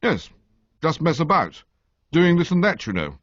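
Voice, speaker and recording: A man's voice: fairly high pitch, huge pitch swings, measured pace, fairly bright tone, no room sound, voice pushed up, heavily acted. A man voicing an awkward, evasive young Englishman who answers in curt, hesitant, stammering replies, on a dull, dry recording. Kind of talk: audiobook character voice.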